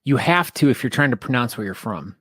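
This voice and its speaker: A man's voice: mid-range voice, animated, fairly quick, fairly bright tone, breathy edge, dry recording, clean studio sound. A man co-hosting a podcast in casual chat, teasing and wisecracking at his co-host and guest.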